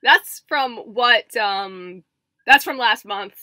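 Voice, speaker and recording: A woman's voice: fairly high pitch, slow pace, bright, forceful tone, dry recording. A young woman co-hosting a podcast in casual, rambling chat with many fillers and giggles. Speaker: podcast co-host.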